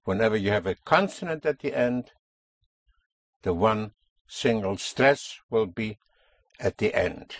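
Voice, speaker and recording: A man's voice: fairly low pitch, expressive, measured pace, long pauses, no echo. A man teaching a language lesson, explaining a stress rule patiently and stressing key words.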